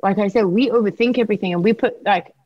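A woman talks candidly in a relaxed chat, swearing freely and breaking into laughs. Her voice sits at an ordinary pitch, recorded dry and close with a slightly dull, lo-fi tone. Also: fast, dry recording. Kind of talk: casual chat.

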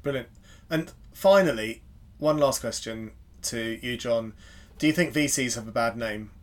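A man's voice: medium pitch, a little slow. A man moderating a panel, asking brief questions and prompting the speakers.

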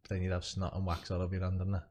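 A man's voice: low-pitched, very fast. A man hosting a podcast, chatting casually, joking and laughing often. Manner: laughs often, jokey and animated. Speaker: podcast host. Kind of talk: casual chat.

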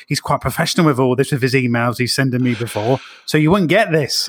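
A man's voice: mid-range voice, quick pace, a bit bright. A man with a British accent, a guest author chatting on a podcast in a playful, teasing way over a remote call. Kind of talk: casual podcast chat.

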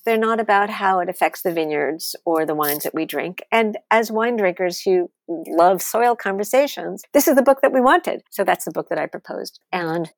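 A woman author and interview guest, talking in an animated, blunt way and swearing freely as she tells stories. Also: mid-range voice, dry recording, clean studio sound. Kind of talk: storytelling interview talk.

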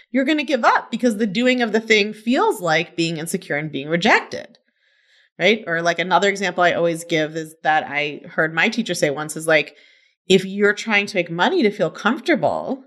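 A woman coach talking casually on her own, chatty and animated, often checking in with "right?" and laughing as she explains. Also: medium pitch, moderate pace. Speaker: coach and teacher. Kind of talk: casual solo podcast talk.

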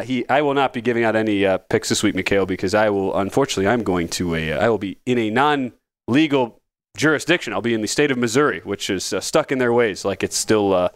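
A man's voice: on the low side, dry recording. Man, podcast host, casual betting chat, rambling, wry asides, dry sound.

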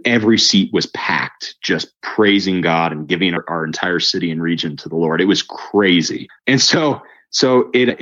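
A man telling his faith story in a conversation, lively, acting out the voices of the people in it. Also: deep voice, dull audio. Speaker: guest telling his testimony. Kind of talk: storytelling interview chat.

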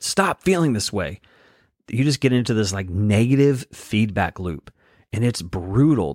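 A man's voice: fairly low pitch, no room sound, studio quality. A man hosting a podcast, giving an earnest, direct self-help talk and coaching listeners through their feelings. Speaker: podcast host.

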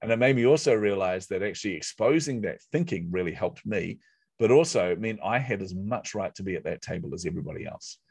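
A middle-aged man, a guest in a conversation, telling a story in an animated, self-mocking way and acting out his own inner voice. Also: on the low side, fast, slightly rough, no echo.

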